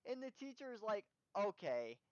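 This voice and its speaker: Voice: mid-range voice, expressive, unhurried, clean tone, no echo, highs cut off. A story time YouTuber telling a school story in a casual, rambling way full of "you know".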